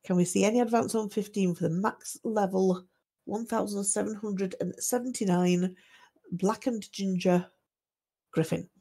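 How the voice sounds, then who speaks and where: Lady running a livestream auction, gravelly voice, calm going once going twice style. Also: mid-range voice, moderate pace. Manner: steady methodical lot-calling, selling once, twice, sold.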